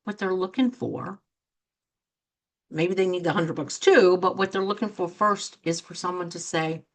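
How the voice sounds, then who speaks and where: A woman's voice: fairly low pitch, moderate pace. A middle-aged woman hosting a talk show as a coach, speaking earnestly and acting out quoted reactions in her examples. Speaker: host and coach. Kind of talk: motivational talk show monologue.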